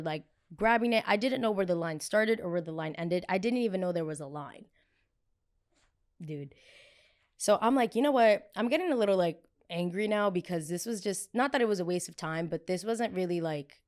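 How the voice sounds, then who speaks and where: A young woman hosting a podcast, telling a story casually and acting out the people in it with exaggerated voices. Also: on the low side. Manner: animated, acts out quotes in exaggerated voices. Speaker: podcast host.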